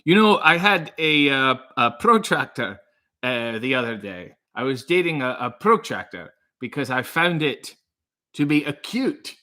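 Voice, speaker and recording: A man putting on a fake Scottish accent to play an angry old male math teacher who tells bad jokes, halting and muttering. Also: medium pitch, sing-song, bright, forceful tone. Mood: grumbling. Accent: put-on Scottish accent.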